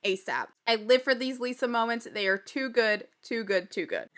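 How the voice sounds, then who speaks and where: A woman's voice: on the high side, measured pace, pushed and bright. A woman hosting a casual TV recap podcast, chatty and gossipy, often breaking into laughter. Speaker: podcast host.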